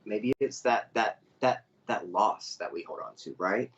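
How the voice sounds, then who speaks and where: A man's voice: lowish voice, a little slow. Earnest man reading for viewers, lo-fi audio. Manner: earnest, chatty, addresses viewers directly. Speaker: psychic medium reader. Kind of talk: live online psychic reading.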